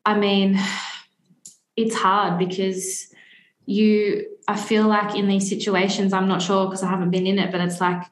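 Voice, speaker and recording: A woman's voice: mid-range voice, flat delivery, unhurried. A woman hosting a podcast, reflecting hesitantly on her guest's story. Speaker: podcast host. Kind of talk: casual interview chat. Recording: echoey room.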